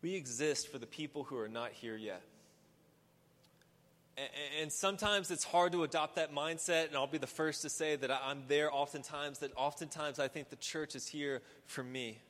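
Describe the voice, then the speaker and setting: A male pastor delivering a sermon, building from quiet reflection to emphatic, repeated preaching. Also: fairly high pitch, normal speed. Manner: rising to emphatic, repetitive preaching. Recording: long hall reverb.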